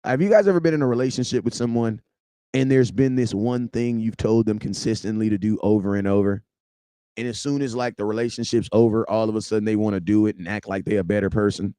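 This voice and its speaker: A man hosting a sports vlog, ranting casually in a slangy, joking, animated way. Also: on the low side, quick pace, clear, resonant tone, dry recording, studio quality. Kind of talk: casual unscripted rant.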